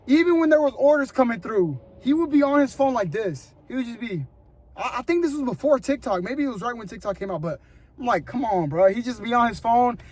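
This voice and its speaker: A young man telling stories in a casual, slangy vlog, animated and laughing often, filming with his phone from his car and then inside a store. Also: very high-pitched, a little fast. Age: young adult. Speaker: vlogger.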